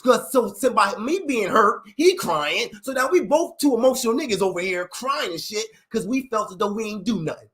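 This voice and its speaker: A young man telling a street story in slangy, animated talk, acting out other people's lines in raised voices. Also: high-pitched, normal speed, hardly any pauses. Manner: acts out others' lines in raised voices, slangy, fillers like "you know what I mean". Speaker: storyteller recounting his past.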